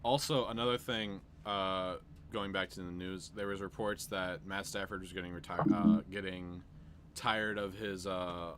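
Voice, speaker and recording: A young man hosting a casual sports podcast, giving predictions with excitable bursts. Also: deep voice, a little slow, very noisy. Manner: excitable, loud bursts and laughs. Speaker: podcast host.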